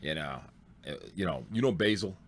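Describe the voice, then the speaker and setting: A man, a stand-up comedian, telling road stories in a loose, excitable way, laughing and swearing as he goes. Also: low-pitched, moderate pace. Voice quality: excitable, swears freely, laughs through punchlines. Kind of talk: animated storytelling.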